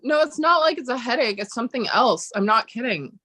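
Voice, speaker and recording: A woman's voice: a little high, animated, a little fast, sharp tone, slightly rough, no echo. A woman hosting a casual live-stream chat. She feels unwell, speaks bluntly, and swears freely. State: feeling unwell.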